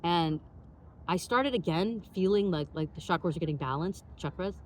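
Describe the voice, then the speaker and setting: A woman hosting her own show, telling a personal story in an animated way, full of "like" fillers and acted-out dialogue. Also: lowish voice, normal speed, a little hiss or hum. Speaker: podcast host.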